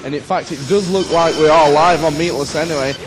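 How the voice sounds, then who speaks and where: Man, measured esports co-commentary. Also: fairly high pitch, noisy background. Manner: measured, with frequent fillers, livening at key plays. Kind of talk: live esports color commentary.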